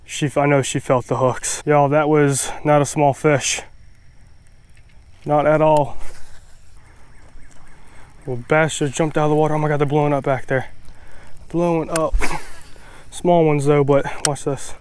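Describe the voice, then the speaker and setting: Excitable young man fishing outdoors. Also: a little high, measured pace, long pauses, slight background noise. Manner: excitable, exclaims and repeats himself, says "y'all". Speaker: fishing vlogger. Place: outdoors at a shallow pond bank.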